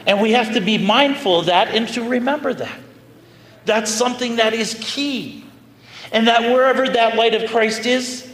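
A man preaching, with an animated, conversational storytelling manner. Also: high-pitched. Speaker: pastor. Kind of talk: storytelling sermon. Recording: roomy hall reverb, faint noise.

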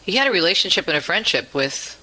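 Brief: male interviewer, sharp bright voice, eager follow-up questions. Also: sits high, big pitch swings, quick pace, poor audio.

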